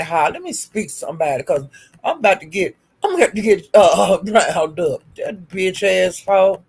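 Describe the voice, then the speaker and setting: A woman's voice: on the high side, slightly rough. A woman hosting a live stream, taunting someone with profane, repetitive insults and calling out to her chat viewers by name. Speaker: livestream host.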